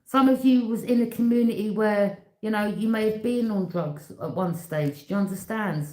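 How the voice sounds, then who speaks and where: Recorded in an echoey room, this tarot reader has a mellow, medium-pitched voice and a moderate pace. Her casual reading is blunt and emphatic, with repetition and direct talk to the viewer.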